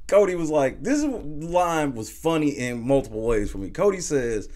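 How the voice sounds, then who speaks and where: A man's voice: mid-range voice, big pitch swings, measured pace, darkish tone. Casual profane man recapping a show. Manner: casual, profane, laughs while recounting.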